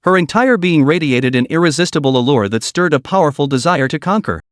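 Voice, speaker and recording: A man narrating a story recap in a steady, even scripted delivery. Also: fairly high pitch, brisk, no echo, clean studio sound.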